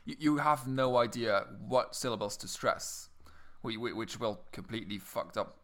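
A man's voice: medium pitch, fairly even intonation, normal speed. A young man co-hosting a casual podcast chat, stammering and repeating words as he explains. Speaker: podcast co-host.

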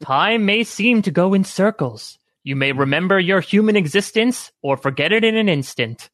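A man reading the part of a grave old temple monk, speaking slowly and solemnly. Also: sits high, animated, fairly bright tone, no echo, clean studio sound. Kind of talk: reading a story aloud with friends.

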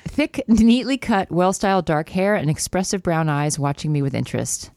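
A woman's voice: moderate pace, darkish tone, no room sound, clean studio sound. A woman co-hosting a podcast, reading a romance novel aloud in a mock-dramatic voice between giggles and chat. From United States. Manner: giggly, reads in a low mock-dramatic voice and attempts a bad British accent.

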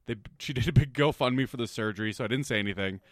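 A man co-hosting a podcast, teasing his friend bluntly and deadpan. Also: medium pitch, quick pace, dry recording, studio quality. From Canada. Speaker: podcast co-host. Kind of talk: casual banter.

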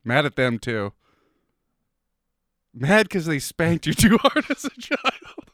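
A man co-hosting a podcast in casual banter, loud and mocking, often yelling and laughing. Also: a little high, big pitch swings, slow pace, no room sound, clean studio sound. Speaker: podcast co-host.

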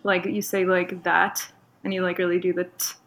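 A woman's voice: fairly low pitch, level tone, normal speed, a bit bright, a little hiss or hum. A woman from Toronto with a Canadian accent, a guest chatting casually and giggly in an interview, with lots of fillers.

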